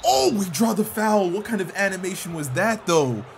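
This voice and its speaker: A young man giving excitable commentary over a basketball video game, often yelping and shouting at plays. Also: sits high, normal speed, creaky, very noisy. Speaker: gaming YouTuber. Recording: game music playing behind.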